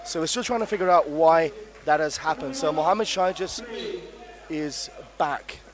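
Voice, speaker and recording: A man's voice: a little high, moderate pace, a crowd in the background. A man co-commentating a live match, posing questions and hedging with fillers.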